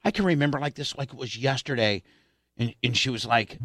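A man's voice: medium pitch, a little fast, a bit bright, dry recording, studio quality. A man hosting a talk show, telling a rambling, profane childhood story full of restarts. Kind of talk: casual storytelling.

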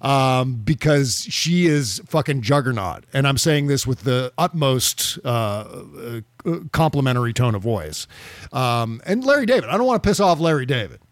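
A man co-hosting a political podcast in casual chat, talking loosely with profanity and quick laughs. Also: medium pitch, sing-song, dry recording. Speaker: podcast co-host.

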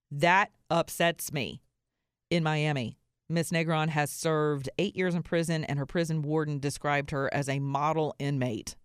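A woman giving casual political commentary, animated and sarcastic, laughing often between points. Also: low-pitched, clean tone, no room sound, clean studio sound.

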